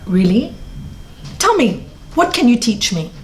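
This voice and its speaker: A woman's voice: a little high, very animated, measured pace, echoey room, slight background noise. A woman voicing an arrogant, clever male teacher who scoffs dismissively in a spoken story. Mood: flattering.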